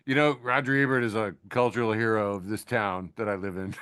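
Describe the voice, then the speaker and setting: A man's voice: fairly low pitch, steady tone, fairly quick, a bit bright, clear, resonant tone, dry recording, studio quality. A man co-hosting a casual podcast, chiming in with short reactions and asides. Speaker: podcast co-host. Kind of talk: casual chat.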